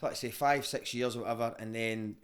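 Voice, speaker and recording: A man's voice: medium pitch, fairly even intonation, a little fast. A Glaswegian comedian in his thirties, telling candid, sweary stories as a guest in a casual podcast interview. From Scotland. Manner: candid and sweary, rambling with restarts.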